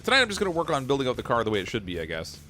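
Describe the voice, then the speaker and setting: A Canadian livestreamer chats casually while playing a car repair game, reading viewer comments and rambling easygoingly with frequent "uh" and chuckles. His medium-pitched voice races with huge pitch swings and a bright, forceful tone over background music.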